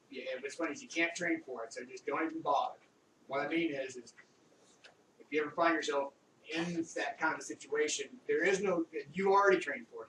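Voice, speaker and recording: A middle-aged man swaps old Army memories in a loose, rambling, profane monologue. His voice sits a little high. He sounds distant from the mic in an echoey room, with a faint hiss of background noise. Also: fairly bright tone. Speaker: Army veteran reminiscing.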